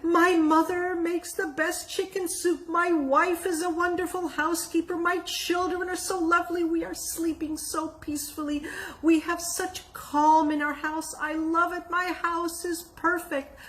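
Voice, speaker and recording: A woman's voice: very high-pitched, flat delivery, a little slow, a bit bright, pitched above the performer's own voice. A woman storyteller voicing a poor, harried man who pleads in exasperation. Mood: overjoyed.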